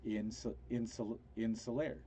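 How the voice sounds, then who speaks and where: A man narrating a tabletop game as game master, halting with many restarts, over an online voice call. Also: medium pitch, little pitch movement, mellow, breathy edge.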